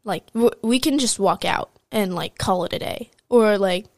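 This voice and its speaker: A woman's voice: medium pitch, normal speed, vocal fry, a little mellow, no echo, clean studio sound. A teenage girl co-hosting a podcast, talking in a chatty, rambling way with lots of "like" and "um". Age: teens. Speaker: podcast co-host, high school student. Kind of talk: casual chat.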